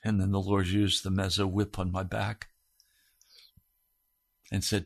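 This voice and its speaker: A man's voice: low voice, little pitch movement, measured pace, gravelly, breathy edge. A man preaching a dramatic sermon. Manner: preaching with big swings from hushed to loud, urgent questions. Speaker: pastor.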